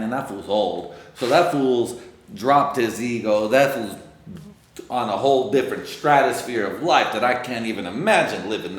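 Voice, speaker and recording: A man hosting a podcast, rambling through a casual, profane solo monologue that swings from loud excitement to low muttering. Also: roomy sound. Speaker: podcast host.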